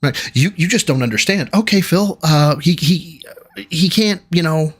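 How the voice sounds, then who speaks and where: A man's voice: fairly high pitch, expressive, normal speed, husky. A man doing casual livestream commentary, sarcastic and profane, mocking the clip he reacts to. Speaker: streamer reacting to clips.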